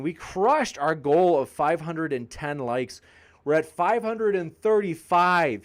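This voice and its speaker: Jokey debate host with a higher voice. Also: male voice, moderate pace. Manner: jokey, playful banter. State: tiring, sipping water. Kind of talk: live-stream chat shoutouts.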